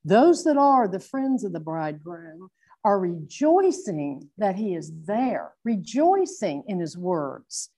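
Earnest woman teaching scripture, mellow voice. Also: lowish voice, sing-song. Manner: earnest, reflective, slows to stress points. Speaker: Bible teacher. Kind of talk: sermon.

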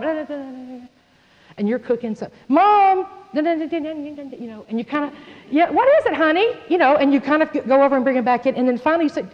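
Animated woman preaching in echoey hall. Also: fairly high pitch. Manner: animated, acts out little scenes, conversational. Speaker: Bible teacher. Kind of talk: sermon. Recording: muffled sound in a long-reverb hall.

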